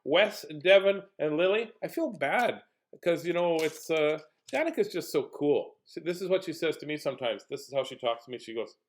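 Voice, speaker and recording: A man's voice: fairly high pitch, animated, fairly quick. A man hosting a casual read-aloud stream for children, chatting playfully and joking with young viewers between pages. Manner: jokey, clowning between reading. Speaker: children's book reader and host.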